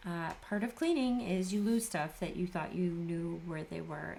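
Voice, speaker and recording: Gravelly-voiced woman chatting while crafting. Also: lowish voice, moderate pace, darkish tone, slight background noise. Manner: chatty, self-mocking, laughs often. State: tired. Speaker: papercraft video host. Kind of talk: casual chat while crafting.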